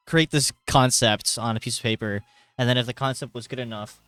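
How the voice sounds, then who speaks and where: A young man live-streaming from his hot bedroom, chatting casually and reading chat aloud, rambling and jokey with sudden loud greetings, and a little tired. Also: mid-range voice, clear, resonant tone, dry recording. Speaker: livestreamer.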